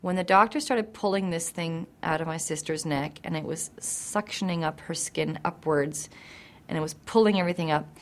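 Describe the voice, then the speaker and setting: A young woman telling a personal story straight to the camera, in a vivid and animated way. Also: sits low, normal speed. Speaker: interviewee.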